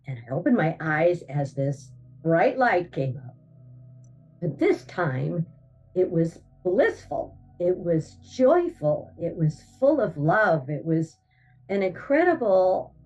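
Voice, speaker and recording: A woman, perhaps older, giving a personal testimony, animated in her storytelling, jumping up in pitch when she acts out her own thoughts. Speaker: near-death experience storyteller. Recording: distant, dull sound with soft music bed.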